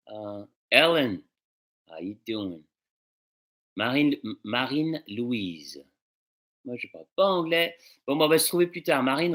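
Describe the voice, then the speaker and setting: A man hosting a casual music livestream, greeting viewers by name in a relaxed, chatty way and slipping into French and Spanish greetings. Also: medium pitch. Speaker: musician hosting a live stream.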